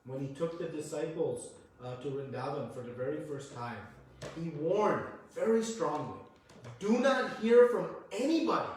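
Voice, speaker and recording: Man preaching in a very echoey room. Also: fairly high pitch. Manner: emphatic, repeats key words, swings between loud and hushed. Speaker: scripture lecturer. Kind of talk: devotional sermon. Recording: very echoey room, voice far from mic.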